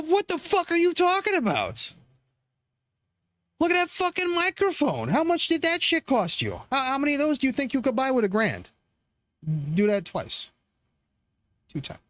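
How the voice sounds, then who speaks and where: A man rants as he reacts to clips, swearing and sneering, tripping over his own words. His pitch leaps up and down all the time, and the sound is close and dry. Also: fairly bright tone, no room sound. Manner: profane, sarcastic, rambling with many restarts. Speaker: host reacting to political clips. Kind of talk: profane ranting commentary.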